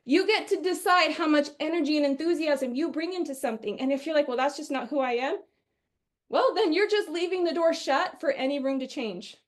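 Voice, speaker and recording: A middle-aged woman from Wisconsin giving a chatty, energetic sales training webinar, often acting out what customers say. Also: sits high, brisk, few pauses.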